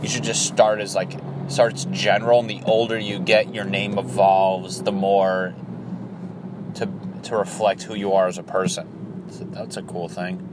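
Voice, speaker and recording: A man's voice: sits low, little pitch movement, unhurried. A comedian rambling through crude, profane jokes while driving, laughing at his own bits. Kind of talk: rambling comedy workshop monologue. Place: car, driving. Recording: car road noise behind.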